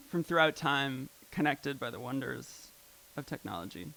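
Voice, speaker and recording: Chatty man, gravelly voice, full of fillers. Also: medium pitch, very animated, moderate pace, hardly any pauses, bright, forceful tone, poor audio. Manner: loose and chatty, many "like" and "um" fillers. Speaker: presenter at a live poetry and technology evening. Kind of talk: casual live talk explaining found poetry. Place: live event venue.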